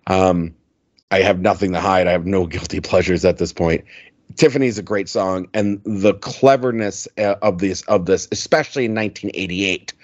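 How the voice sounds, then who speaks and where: A man's voice: deep voice, moderate pace, dry recording, dull audio. A man in his forties co-hosting a casual podcast chat, laughing often and quoting lyrics in a sing-song. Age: 40s. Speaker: podcast co-host.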